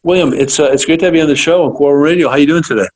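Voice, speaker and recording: A man's voice: fairly high pitch, very fast, a little mellow, poor audio. A man hosting a radio interview, enthusiastic and often restarting his sentences. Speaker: radio show host.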